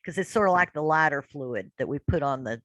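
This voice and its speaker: A woman's voice: low-pitched, lively intonation, a little fast, a bit bright, no echo, low-quality recording. A woman hosting an online business group meeting, calling on members and encouraging their goals. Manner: encouraging, upbeat. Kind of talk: casual group video call.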